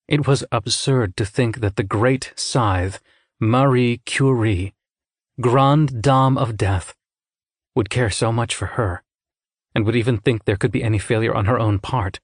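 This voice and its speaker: Brief: male narrator, lowish voice, measured storytelling, dry close recording. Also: no room sound. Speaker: audiobook narrator. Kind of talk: scripted narration.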